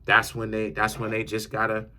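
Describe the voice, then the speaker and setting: A young man giving a casual, slangy tarot reading, animated and repetitive in his talk. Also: on the low side, normal speed. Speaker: tarot reader. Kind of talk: casual monologue.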